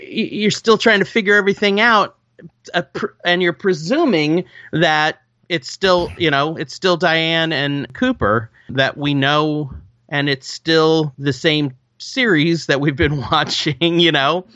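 A man co-hosting a podcast, chatty and animated, with frequent restarts. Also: on the high side, a little slow, no echo. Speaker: podcast co-host. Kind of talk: casual discussion. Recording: slightly dull lo-fi mic.

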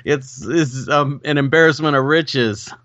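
A man's voice: fairly high pitch, a little slow, a bit bright, no echo, highs cut off. A man co-hosting a podcast, chatting casually and enthusiastically about a TV show. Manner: enthusiastic, agreeable. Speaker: podcast co-host. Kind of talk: casual chat.

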